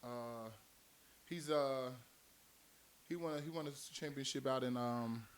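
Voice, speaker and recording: A man's voice: medium pitch, slow pace, slight background noise. A man, a former football player, telling long rambling stories in casual chat, laughing often between his points. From Miami, United States. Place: recording studio.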